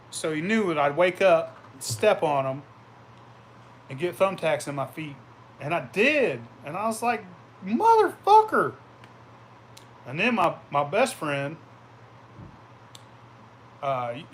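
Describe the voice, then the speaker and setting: A man's voice: a little high, slight background noise. A man vlogging casually, telling rambling, profane anecdotes and laughing as he goes. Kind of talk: casual storytelling.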